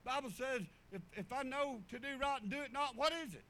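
A man's voice: very high voice, fairly quick, sharp tone. A man, a pastor preaching a folksy sermon full of storytelling asides. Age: 50s.

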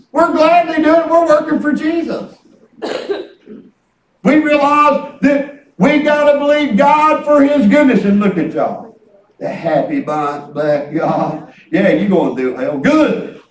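An older man preaching a sermon, telling folksy stories with bursts of shouted praise. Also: very high-pitched, expressive, unhurried. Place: church. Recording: echoey room, voice from far off.

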